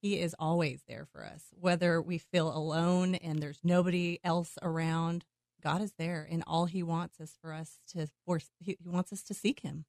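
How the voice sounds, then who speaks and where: A woman's voice: lowish voice, fairly even intonation, normal speed, darkish tone, dry recording, clean studio sound. Encouraging woman podcast host. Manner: encouraging, devotional. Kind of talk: podcast interview.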